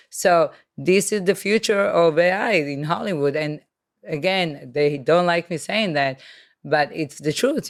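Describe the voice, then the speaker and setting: A woman entrepreneur talking as a podcast guest, emphatic and persuasive, repeating phrases for weight. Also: sits low. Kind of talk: conversational interview.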